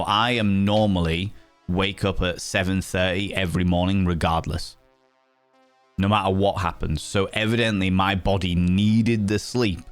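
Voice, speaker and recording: A playful man from Yorkshire, England, hosts a livestream in a low voice, chatting casually as he reads viewer messages. He teases his audience, greeting them as cheeky devils. The audio is smooth with no room sound.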